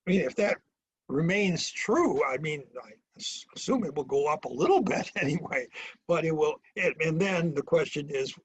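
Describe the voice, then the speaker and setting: An older man from the United States, a retired professor of international relations, answering interview questions in a halting way, with many restarts and some dry humour. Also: fairly high pitch, vocal fry, husky, dry recording, rough recording. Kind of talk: remote interview.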